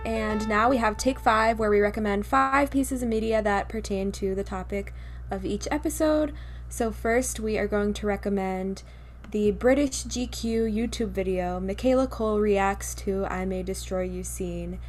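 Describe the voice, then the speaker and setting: A woman's voice: medium pitch, moderate pace, faint music behind. A young woman with a mid-range voice hosts a podcast. She gushes enthusiastically and talks casually. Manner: gushing, enthusiastic. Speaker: podcast co-host. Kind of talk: casual chat.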